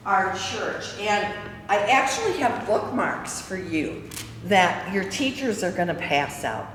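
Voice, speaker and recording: Woman church guide leading a kids' field trip, unhurried and teacherly, recorded from a distance in a reverberant sanctuary. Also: mid-range voice, very animated, fairly bright tone, a little hiss or hum. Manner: slow, friendly teacher-like questions to kids. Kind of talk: virtual tour for young children. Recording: echoey church hall, from afar.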